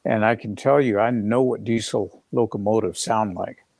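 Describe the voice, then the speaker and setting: A middle-aged man recounting an event over a video call, his voice carrying a gravelly, creaky texture. He talks in a loose, rambling way, full of fillers and restarts. The sound is dry and close, with no room around it. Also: lowish voice, fairly even intonation, moderate pace, darkish tone, no room sound. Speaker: guest. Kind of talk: casual storytelling on a live video call.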